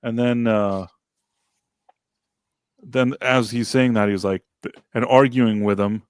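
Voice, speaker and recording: A man hosts a casual podcast chat, walking through a TV episode in a loose, halting way. His voice sits at an ordinary middle pitch. The recording is dry, with no room sound. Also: fairly even intonation, clean tone, no room sound. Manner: recaps scenes in a loose, halting way. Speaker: podcast host.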